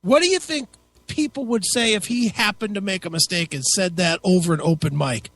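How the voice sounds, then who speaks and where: A man's voice: sits high, fairly quick, a bit bright, soft background music. A man co-hosting a talk radio show, ranting crudely and mocking people with plenty of profanity. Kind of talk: casual talk radio banter.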